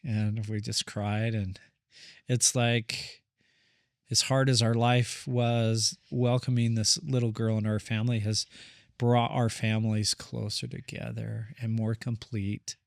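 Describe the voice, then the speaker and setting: A man who works as a therapist, a guest on a podcast, telling a family story. His voice sits low, and he talks in an earnest, rambling way, acting out what people said. The recording is close and dry. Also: little pitch movement, slow pace, creaky, no room sound. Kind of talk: casual storytelling conversation.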